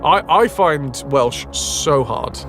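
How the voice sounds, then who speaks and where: A man's voice: fairly high pitch, animated, slow pace, music in the background. A man streaming a video game, chatting casually with his viewers, reading their messages aloud and swearing freely. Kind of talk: casual live-stream chat.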